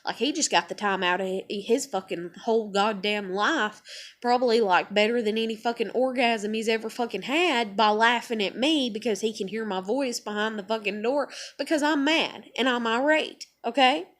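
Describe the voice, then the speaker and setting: A woman's voice: fairly high pitch, moderate pace. A middle-aged woman ranting to camera, heated and profane, full of rhetorical questions and repeated phrases, upset and tired. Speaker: vlogger. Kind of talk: unscripted emotional rant to camera.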